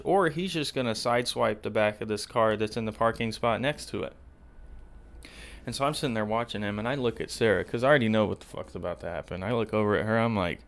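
A man's voice: mid-range voice, a bit bright, clean tone. A man hosting a podcast, telling a profane, exasperated story in a casual rant. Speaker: podcast host. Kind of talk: casual ranting monologue.

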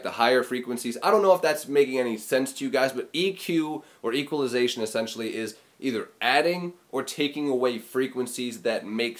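Rambling man casually explaining audio terms. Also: mid-range voice. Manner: rambling, filler-heavy, demonstrates sounds with his voice. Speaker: music tutorial host. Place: small room.

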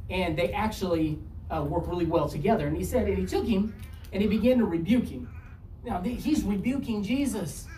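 A woman's voice: mellow, slight background noise. Woman preacher, scripture reading with acted dialogue, distant mic, echoey room. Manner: reads scripture aloud and acts out dialogue with a shifting pitch. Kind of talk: sermon. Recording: roomy echo, distant from mic, faint ambience.

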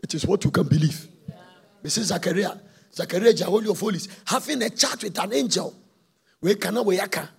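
A male preacher giving an impassioned sermon, often shouting and half-singing his phrases. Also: sits high, lively intonation, brisk, creaky, breathy edge.

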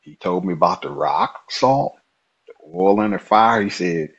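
A man from Nebraska tells a story as a podcast guest, animated and laughing often as he acts out what people said. His voice is low and husky. The recording sounds muffled and lo-fi. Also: normal speed. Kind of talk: casual storytelling.

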